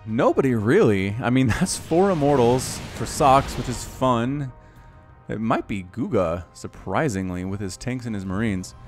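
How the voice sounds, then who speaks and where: A man in his thirties casts a video game match in a loose, chatty way, his voice jumping up in pitch and volume whenever a fight breaks out. Soft music plays quietly behind him. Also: a little slow. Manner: excitable, rises sharply in pitch and volume at big plays. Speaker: game caster. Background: faint background music.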